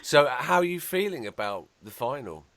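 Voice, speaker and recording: A man hosting a podcast, chatty and rambling with many fillers, his voice lowered by a slight cold. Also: sing-song, normal speed, a bit bright, no echo. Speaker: podcast host. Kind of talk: casual interview chat.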